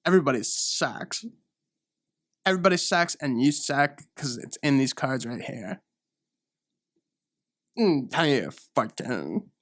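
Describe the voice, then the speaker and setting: A spoiled, bored teenage girl fortune teller, whiny and sarcastic, her voice jumping way up in pitch whenever she gets snippy, as a man puts her on. The delivery swoops widely, and the recording is dry and close. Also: animated, a little slow, pauses often, fairly bright tone, no echo.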